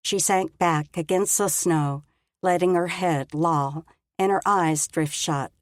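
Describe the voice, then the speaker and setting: A woman narrating a story in a calm, measured audiobook reading. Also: fairly low pitch, no echo, clean studio sound. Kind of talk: scripted narration.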